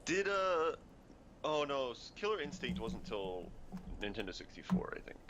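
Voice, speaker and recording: A man co-hosting a casual podcast over an online call, laid-back, quick to laugh, and swearing casually. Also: mid-range voice, sing-song, noisy background. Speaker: podcast co-host. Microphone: online call headset or desk mic.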